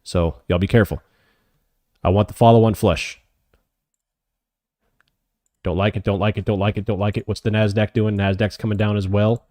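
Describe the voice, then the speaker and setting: A man hosting a live options trading stream, calling his trades as they happen and answering chat questions, often excited. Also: on the low side, normal speed, pauses often, dry recording, clean studio sound. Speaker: options trading livestream host.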